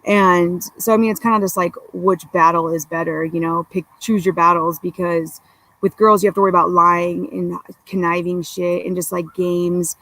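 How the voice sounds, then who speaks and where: A woman's voice: on the low side, little pitch movement, moderate pace, fairly bright tone, no room sound, low-quality recording. A young woman guest on a podcast, telling stories in a blunt, profane, rambling way full of fillers. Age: young adult. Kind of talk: casual storytelling chat.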